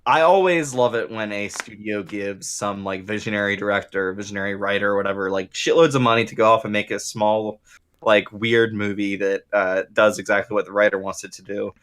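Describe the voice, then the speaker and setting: A man's voice: fairly low pitch, brisk, fairly bright tone, clear, resonant tone. A man co-hosting a casual chat, reacting bluntly with swearing and then explaining his view at length. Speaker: podcast co-host.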